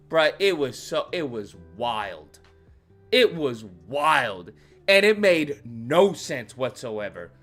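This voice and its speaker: High energy dude ranting bout a movie, lots of slang, acts stuff out, really lively pitch. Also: male voice, unhurried, faint music behind. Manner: animated, slangy, acts out scenes. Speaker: YouTube host. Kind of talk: comedic movie rant.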